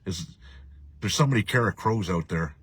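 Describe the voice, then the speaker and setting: A man's voice: sits low, normal speed, a little hiss or hum. A man hosting a casual live stream, rambling and profane, reading viewer comments and laughing often. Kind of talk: casual ranting live chat.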